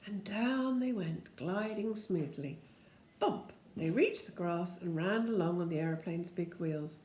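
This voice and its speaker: A woman's voice: on the low side, animated, measured pace, darkish tone, a little hiss or hum. Grandmother reading a storybook, echoey room. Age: older. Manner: homely, with chatty asides. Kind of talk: reading a children's book aloud.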